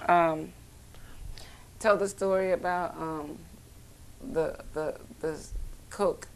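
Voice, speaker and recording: A woman chatting casually as a guest, prompting another speaker with halting fillers. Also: fairly low pitch, fairly even intonation. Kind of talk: casual chat.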